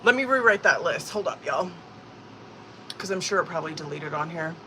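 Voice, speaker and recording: A woman's voice: on the low side, lively intonation, fairly quick, noisy background. A woman hosting a live tarot stream, chatting casually, swearing freely and laughing often. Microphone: phone or tablet.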